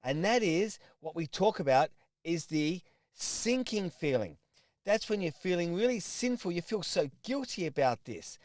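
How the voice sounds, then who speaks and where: Middle-aged Australian man, trainer, earnest and repetitive, slightly raised pitch, dry close sound. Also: big pitch swings, unhurried, a little mellow, no echo. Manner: earnest, repetitive, with restarts and acted asides. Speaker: personal trainer. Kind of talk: motivational talk to camera.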